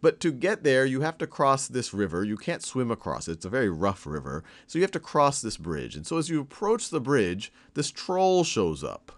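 A man's voice: mid-range voice, big pitch swings, normal speed, hardly any pauses. A man teaching algebra in a casual, conversational way, narrating a whimsical story problem. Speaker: math teacher. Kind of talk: casual explanatory math lesson.

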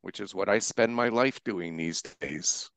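A man's voice: fairly low pitch, measured pace, fairly bright tone, clean tone, dry recording. Older man reading out quiz answers. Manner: punning, wry. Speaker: trivia round host. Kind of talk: casual quiz answer run-through with puns.

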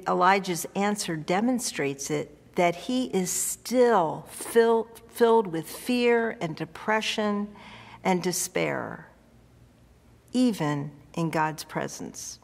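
A woman's voice: on the low side, big-room sound. A woman pastor giving a sermon in an earnest, conversational way. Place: church.

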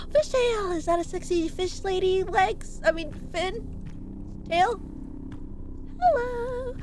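A woman's voice: very high-pitched, animated, takes it slowly, a little hiss or hum, low-quality recording. A woman streaming a game who rambles, jokes, and chats with her viewers. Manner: rambling, jokey, chatty with viewers. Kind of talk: casual game commentary.

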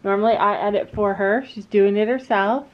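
A woman's voice: medium pitch, fairly even intonation, normal speed, lo-fi sound. A middle-aged woman chatting casually in a family vlog, telling funny stories and laughing often. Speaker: vlogger, mother of the family. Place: family home and horse barn.

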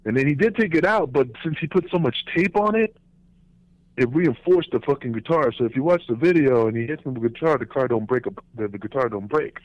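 A man, a former pro wrestler, telling backstage stories in a casual interview, animated and profane, acting out what others said. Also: medium pitch, fairly quick, dry recording. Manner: animated, profane, acts out quotes in raised voices. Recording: tinny phone line, dry.

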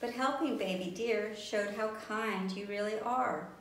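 A woman voicing a caring mother deer who explains gently, in a storybook reading. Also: medium pitch, measured pace, natural voice. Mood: grateful. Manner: warm, explaining. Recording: roomy, distant, faint background noise.

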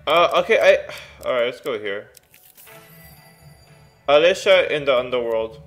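A young man giving casual, excitable let's play commentary and reading game text aloud at home. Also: medium pitch, measured pace, soft background music.

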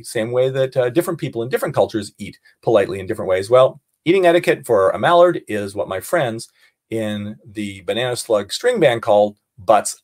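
Middle-aged male naturalist for an online class; husky, animated, jokey, murmurs while he looks. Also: mid-range voice. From California. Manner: playful, talks aloud while observing, mutters quietly. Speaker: naturalist teaching a birding class.

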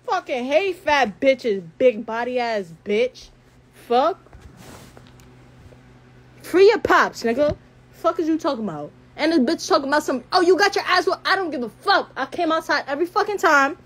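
A woman's voice: high-pitched, expressive, moderate pace. Furious profane young woman ranting. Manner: heated, profane, insulting. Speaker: livestreamer. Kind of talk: angry livestream rant. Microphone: phone.

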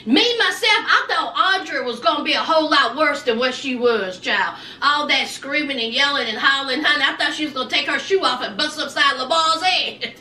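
A woman's voice: sits high, fairly quick, roomy sound, recorded from a distance, a little hiss or hum. A woman, casually recapping a reality show, acting out people's lines and using folksy slang. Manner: animated, acts out people's lines in voices; folksy slang, "honey", "child". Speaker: recap vlogger.

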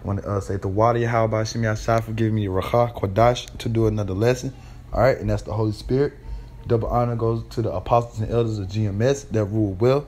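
In a lowish, steady, darkish voice, a man preaches informally using loose, profane street slang. His delivery halts often with "uh" and repeated words, and he keeps tagging on "man" and "all right?"

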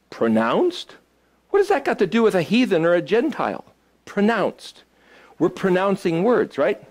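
Man, slightly higher voice, casual teacher thinking aloud and quizzing the group. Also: a little mellow. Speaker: Hebrew study teacher. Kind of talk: informal teaching to a small group.

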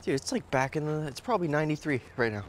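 A man casually vlogging outdoors as he tends his birds, loose and slangy, breaking into a high cooing voice when he talks to them. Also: animated, fast, slight background noise. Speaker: vlogger, bird keeper. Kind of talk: casual vlog chat. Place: outdoor backyard cage area.

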